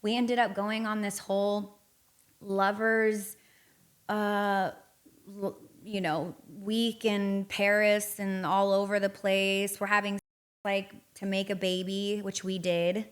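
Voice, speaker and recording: A woman's voice: medium pitch, flat delivery, slow pace, smooth. Frank, profane woman telling her story. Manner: frank and profane, reenacting past conversations. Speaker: podcast guest. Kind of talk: candid interview storytelling.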